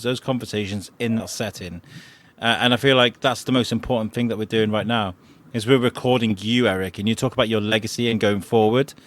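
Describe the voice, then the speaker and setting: A man's voice: fairly low pitch, a bit bright. A man, a podcast co-host chatting casually, rambling and enthusiastic with lots of fillers. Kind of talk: casual chat.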